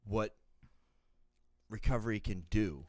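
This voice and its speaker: Male host, lowish voice, dry sound, halting casual talk. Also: darkish tone, no room sound. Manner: repeats words, restarts, affirming. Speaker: podcast host. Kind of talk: casual chat.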